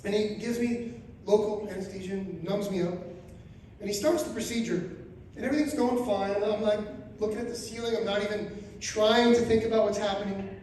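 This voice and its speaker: A male stand-up comedian telling an animated story to a live audience, acting out the people in it and rising to shouts. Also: high-pitched, brisk, a little hiss or hum. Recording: echoey room, mic from far off.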